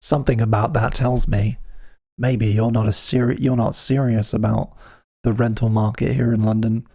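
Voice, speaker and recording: A man's voice: medium pitch, little pitch movement, moderate pace, mellow. A man hosting a live music stream, chatting casually with wry, self-deprecating jokes.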